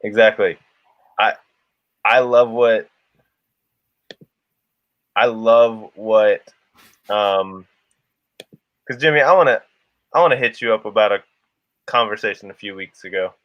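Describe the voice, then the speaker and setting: A man's voice: fairly low pitch, unhurried, pauses often, dry recording, muffled recording. A man co-hosting a casual livestream, rambling and laughing as he talks to the chat. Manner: rambling, laughs often, restarts a lot. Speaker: livestream co-host.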